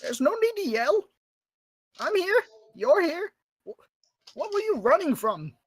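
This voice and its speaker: A woman voicing a three-foot, balding old male mechanist who calmly asks questions in a tabletop game. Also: extremely high pitch, unhurried, voice pushed up, full character voice.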